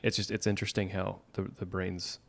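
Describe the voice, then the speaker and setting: A man with a very low voice adds to the conversation in a relaxed podcast chat. He sums up what his co-host says and often stops to restart his sentences. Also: a little fast, gravelly, a little hiss or hum. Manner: agreeable, chimes in with restarts and summaries.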